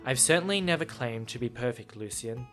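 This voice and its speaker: A man reading aloud as a polite, refined young man in a soft, mild voice. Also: mid-range voice, animated, fairly quick, soft background music, natural voice. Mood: gentle.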